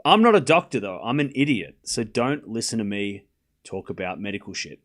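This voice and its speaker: A man's voice: lowish voice, lively intonation, moderate pace, a bit bright. Man, Australian accent, stream host, casual live commentary, rambling, self-deprecating, casual swearing.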